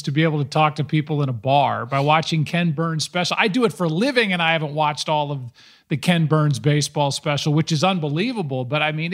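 A man's voice: a little high, a bit bright. A man co-hosting a podcast, joking and teasing his guest in casual chat. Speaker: podcast co-host.

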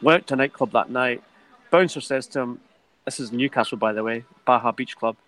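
A man's voice: mid-range voice, brisk, a bit bright, poor audio. Chatty anecdote-telling football pundit man. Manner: chatty anecdotal storyteller, laughs often. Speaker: football transfer journalist. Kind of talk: podcast discussion.

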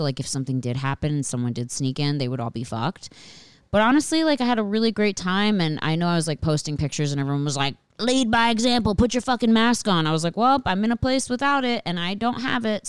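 Woman host, low and smooth, profane rambling storyteller. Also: dry recording. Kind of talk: casual storytelling monologue.

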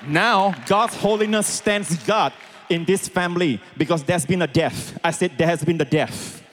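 Male pastor, sermon delivery, quiet to shouting, higher register, faint congregation in the room. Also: moderate pace, a faint crowd. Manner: dynamic preaching, swings from quiet to shouting. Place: large church auditorium with congregation.

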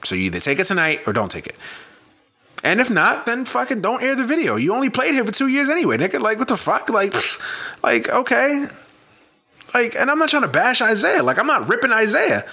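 A man's voice: very high-pitched, very animated, a little fast, gravelly, pushed and bright, breathy edge. A man giving a profane, emphatic sports rant, repeating his points with heavy emphasis. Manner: profane, emphatic, repetitive ranting. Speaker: sports commentator.

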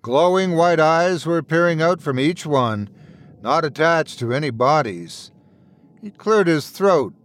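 Guy narrating a scary story, lively pitch, pretty dramatic. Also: measured pace. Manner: expressive, dramatic. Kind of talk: scripted horror narration.

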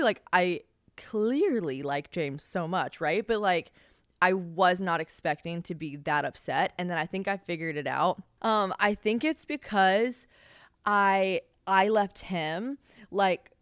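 A woman's voice: fairly low pitch, clear, resonant tone, no echo, studio quality. Chatty, profane young woman podcaster. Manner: chatty, frank and profane, with many fillers. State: hungover. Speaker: podcast host. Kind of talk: casual solo podcast chat.

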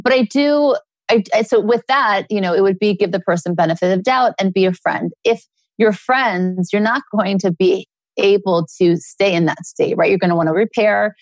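A middle-aged woman, a guest author, talking earnestly in a relaxed interview and telling personal stories. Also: medium pitch, moderate pace, no room sound. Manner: earnest, storytelling with acted quotes.

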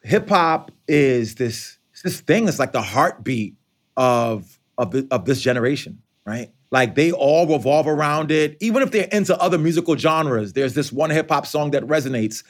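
Animated, fairly high-voiced man. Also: normal speed. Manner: animated, conversational, acts out quotes. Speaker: author and educator. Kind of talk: interview answers.

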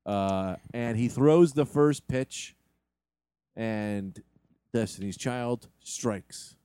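A man with a mellow, dark voice narrates and bosses a comedy sketch in deadpan fashion. His sound is close and dry, with nothing around it. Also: medium pitch, very slow, clean tone, no echo. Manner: deadpan, bossy, exasperated. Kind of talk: improvised comedy.

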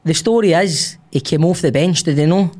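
A man's voice: fairly high pitch, normal speed, a little mellow. A Scottish man hosting a casual chat, reading out listener stories with lots of giggling. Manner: giggly, banter, reads out ads. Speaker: podcast host.

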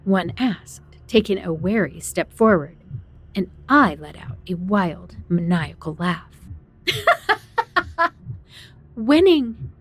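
A woman's voice: on the low side, a little slow, breathy edge. A woman narrating a first-person horror story in a tense, dramatic way.

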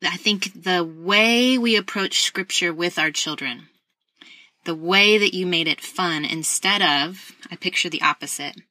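A woman hosting an interview, affirming her guest and reacting quickly to what she says. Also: fairly low pitch, sharp tone, no echo. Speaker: host. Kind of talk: podcast interview.

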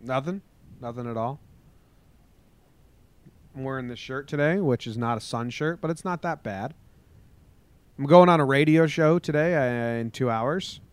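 A man's voice: medium pitch, moderate pace, pauses often, clean tone, dry recording. A man hosting a casual sports and news podcast, loose and joking, tossing sarcastic asides after each headline. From New Jersey. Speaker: podcast host.

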